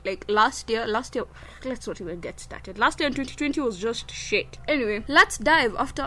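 A woman's voice: on the high side, a bit bright. Chatty Kenyan woman podcast host. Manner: chatty and playful, mixing Swahili slang into English. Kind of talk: casual solo podcast chat.

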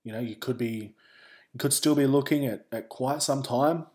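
A man's voice: medium pitch, normal speed, warm tone. A man with an Australian accent, a podcast host telling a personal story in a candid, wry way with wandering asides.

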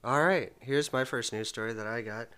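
A man's voice: mid-range voice, normal speed, fairly bright tone, smooth. A young man in an everyday middle register co-hosts a casual podcast. He rambles and stacks up fillers. He laughs at his own ideas. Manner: rambling, filler-heavy, self-mocking. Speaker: podcast co-host. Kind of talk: casual chat.

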